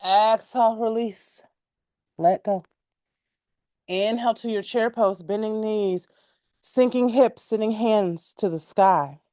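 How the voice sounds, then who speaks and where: A woman teaching a yoga class, giving calm, measured cues timed to the breath and stretching out repeated words. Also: medium pitch, no echo, clean studio sound. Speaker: yoga instructor.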